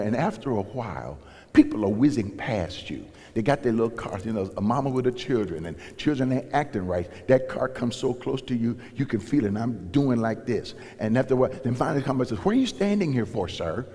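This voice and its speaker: A pastor tells stories during a sermon in a church sanctuary, preaching in a folksy style and acting out dialogue in raised voices. His medium-pitched voice swings widely in pitch, moves fairly quickly, and has a dark tone, with long reverb from the large hall.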